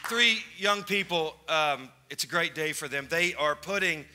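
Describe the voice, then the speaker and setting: A man's voice: on the high side, a little slow, background noise. A man preaching as pastor to a congregation. He is fervent and urgent, and he repeats his phrases as he urges people forward. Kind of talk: sermon with altar call. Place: church sanctuary before a congregation.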